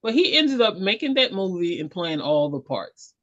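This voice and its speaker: Female actor-singer guest, earnest and rambling, middle-pitched, dull lo-fi sound. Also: very animated, normal speed, fairly bright tone. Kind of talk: casual interview chat. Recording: dull lo-fi audio.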